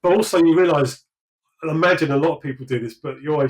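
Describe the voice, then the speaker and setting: A man's voice: a little high, fast talker, poor audio. A British man, likely in his thirties, talking through his career in a casual interview, rambling with many fillers and restarts. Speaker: sculptor guest.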